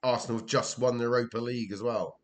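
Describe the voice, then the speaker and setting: A man's voice: mid-range voice, fairly even intonation, quick pace. Welsh man, gameplay commentator, exasperated, swears, talks to himself. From Wales.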